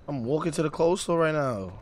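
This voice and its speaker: A man's voice: on the high side, animated, a little fast. A man streaming a role-play game, chatting in character in heavy slang and often repeating himself. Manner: slangy, repeats himself, teasing then bossy.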